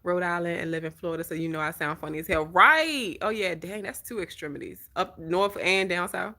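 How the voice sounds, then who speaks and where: Woman, Southern accent from Georgia, slightly low pitch, expressive and animated, casual live-stream chatter. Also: a little fast. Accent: Southern American (Georgia). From Georgia, USA. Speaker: vlogger, host.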